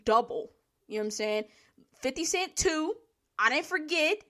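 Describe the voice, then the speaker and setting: A woman's voice: high-pitched, expressive, normal speed, fairly bright tone. A woman hosting a solo podcast, ranting in a blunt, profane, heated way, with sighs and laughs between her points. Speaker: podcast host.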